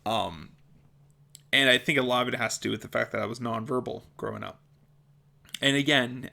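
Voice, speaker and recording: A man's voice: mid-range voice, creaky, bright, forceful tone. A man talking casually to camera in a vlog, often stumbling over and repeating words and laughing at his own slips. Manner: chatty and self-deprecating. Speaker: video creator.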